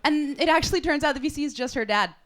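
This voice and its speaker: A woman's voice: high voice, fast talker, a bit bright. A young woman doing a stand-up set in a comedy club, chatty and ironic. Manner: chatty, ironic, with playful put-on posh voices.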